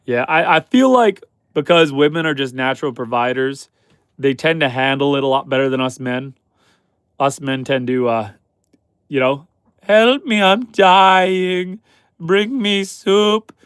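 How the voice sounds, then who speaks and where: A man from Canada hosting a homesteading livestream with a head cold, his voice stuffy and slightly hoarse, chatting upbeat with viewers and his animals. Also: mid-range voice, normal speed, no room sound. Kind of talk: casual livestream chat reading viewer comments. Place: chicken coop on a homestead.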